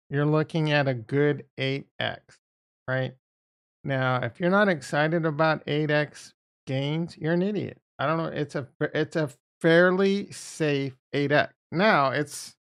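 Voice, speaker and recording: A man hosting a casual livestream about trading, talking excitably and with profanity as he riffs with viewers. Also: fairly high pitch. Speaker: livestream host.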